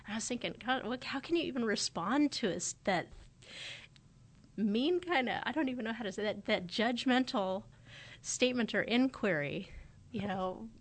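A woman's voice: on the high side, lively intonation, moderate pace. Reflective woman podcast host in her forties. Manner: conversational and thoughtful, often acting out quoted remarks. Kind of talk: casual reflective podcast talk.

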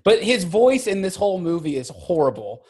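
Male podcast co-host, somewhat high voice, lively and laughing, casual film chatter. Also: normal speed, breathy edge. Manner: animated, laughing, profane. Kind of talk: casual movie review chat.

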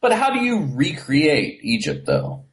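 A man co-hosting a podcast, chatting casually with a teasing, animated manner. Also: on the high side, unhurried, low-quality recording. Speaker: podcast co-host. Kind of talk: casual chat.

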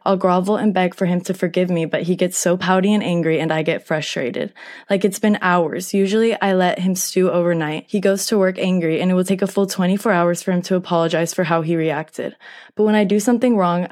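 A young woman reading a post aloud as a co-host, in a steady, even manner. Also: lowish voice.

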